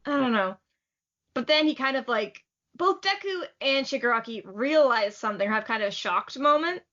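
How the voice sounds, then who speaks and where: This woman's voice sits on the high side, with an expressive, sharp tone, as she co-hosts a podcast and recaps a manga chapter. The casual chat is enthusiastic and peppered with "like" fillers and quick laughs, and the lo-fi audio is slightly muffled.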